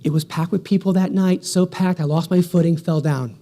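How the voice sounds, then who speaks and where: A man's voice: sits high, steady tone, fairly quick, warm tone. A man in his forties giving a motivational keynote speech, telling stories with energy and a punchy rhythm. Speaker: keynote speaker.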